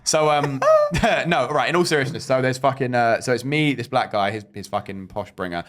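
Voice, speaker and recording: A man's voice: medium pitch, moderate pace, a bit bright. A man, a podcast co-host telling a rambling, swearing story in casual chat. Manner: rambling, swearing, acts out quoted dialogue.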